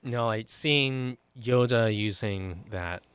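Slow-talking podcast co-host guy, smooth clear voice, kinda halting, dry sound. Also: on the low side, fairly bright tone, no echo. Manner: halting, many ums and likes, thoughtful. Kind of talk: casual chat.

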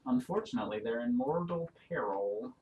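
A man playing a tabletop game, cracking quick jokes. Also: medium pitch, animated, echoey room, muffled recording, noisy background. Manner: joking, quick asides. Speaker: player. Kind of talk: casual tabletop game chat.

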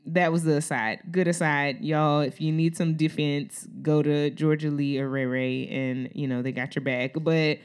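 A woman's voice: low-pitched, steady tone, normal speed, hardly any pauses, clear, resonant tone. A woman co-hosting a casual conversation, chatty and easygoing, with side stories and asides.

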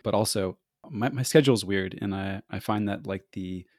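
A man's voice: on the low side, normal speed, darkish tone, dry recording, studio quality. A man hosting a podcast, chatting casually and playfully with a guest. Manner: playful, jokey, laughs often. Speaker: podcast host.

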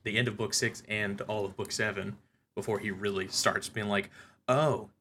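Give me a low-pitched man casually recapping a comic on a podcast, chatty and quick to laugh. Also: level tone, bright, forceful tone, a little hiss or hum. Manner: laughs often, loose and chatty with frequent fillers. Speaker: podcast co-host.

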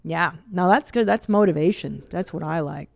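A woman's voice: lowish voice, normal speed, creaky, no room sound. A woman in her forties hosting a podcast in casual chat, frank and chatty and often laughing. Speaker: podcast host.

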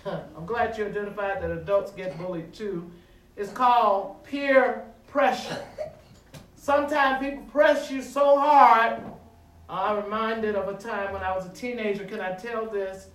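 A man preaching a sermon with call-and-response, stretching words with dramatic pauses and rising to shouts. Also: extremely high pitch, far from the mic. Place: church sanctuary. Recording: echoey room, voice from afar.

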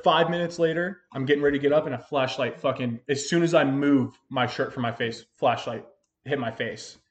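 A man's voice: mid-range voice, fairly quick. Profane young man telling a story. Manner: rambling, profane, full of "like". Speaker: podcast host. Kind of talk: casual storytelling chat.

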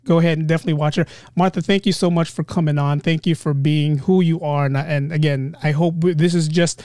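A man's voice: on the high side, steady tone, a little fast, a little mellow, no echo, studio quality. A man hosting a podcast, thanking his guest effusively with many restarts over a video call. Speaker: podcast host. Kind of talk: casual interview wrap-up.

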